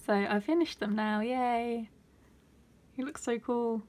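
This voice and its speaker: Excitable woman vlogger, gushing. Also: a little high, slow. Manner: excitable and gushing, with gasps and squeals. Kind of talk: casual unboxing vlog.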